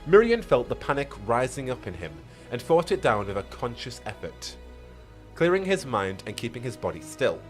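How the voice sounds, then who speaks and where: A man's voice: medium pitch, big pitch swings, moderate pace, soft background music. A man reading a fantasy story aloud on a live stream, often stumbling and rereading with chatty asides.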